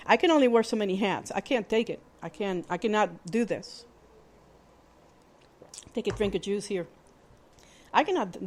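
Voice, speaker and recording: A woman hosting a podcast, telling a personal story in a candid, plainspoken way, with halting restarts and fillers. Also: medium pitch, darkish tone. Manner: candid and plainspoken, with mild swearing. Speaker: podcast host.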